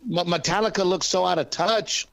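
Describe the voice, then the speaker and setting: Comedian guy chatting in an interview, kinda high voice, acts out his stories, dry close audio. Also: normal speed, creaky, no room sound, poor audio. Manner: animated storyteller, acts out arguments. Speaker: stand-up comedian and guest. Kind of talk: casual interview chat.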